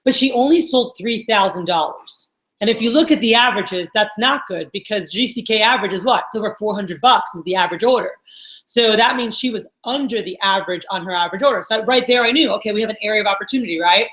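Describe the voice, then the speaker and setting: A woman's voice: medium pitch, quick pace, fairly bright tone, roomy sound, poor audio. A woman training a sales team, talking in an upbeat coaching way and often checking in with her listeners. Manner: upbeat, coaching, lots of "all right?" check-ins. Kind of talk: training talk to a group.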